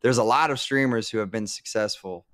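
A man who streams chats as a guest on a live podcast, rambling, restarting sentences and laughing easily. His voice is on the low side, brisk and fairly bright, captured dry with studio quality.

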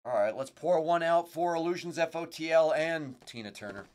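A man hosting a card break, joking and mournful, swinging from low mutters to loud cravings. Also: animated, moderate pace, hardly any pauses, a little hiss or hum. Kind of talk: casual live card-break chat.

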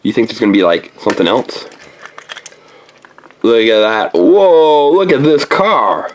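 A woman's voice: very deep voice, unhurried, a little hiss or hum. A woman hosting a playful toy unboxing for children, chatting with a child helper and throwing in pirate growls.

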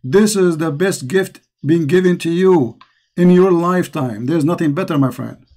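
Guy w/ arabic accent preaching hard on a call-in show, kinda high voice. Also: moderate pace, dark tone. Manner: impassioned, preaching. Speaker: host. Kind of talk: call-in religious talk.

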